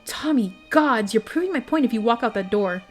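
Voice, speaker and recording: A woman's voice: mid-range voice, moderate pace, faint music behind, close to an everyday voice. A woman voicing a stern young king, an older brother who speaks curtly and with exasperation. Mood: exasperated.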